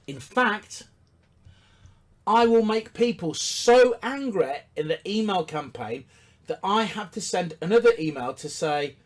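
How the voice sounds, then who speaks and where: A man's voice: on the high side, expressive, a little slow. A man giving a business coaching talk, emphatic and repetitive, asking rhetorical questions and hammering his points.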